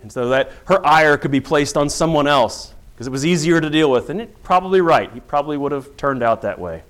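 A man's voice: fairly high pitch, lively intonation, brisk, a bit bright. A middle-aged man, a police officer, telling a personal story in earnest and acting out the dialogue as a testimony of faith.

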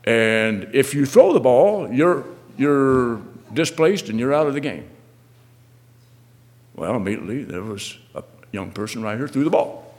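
Male minister, sermon delivery, animated pitch, mid-low voice, loud-to-quiet swings. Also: unhurried, long reverb tail. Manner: swings from loud pressing questions to quiet asides, repeats words.

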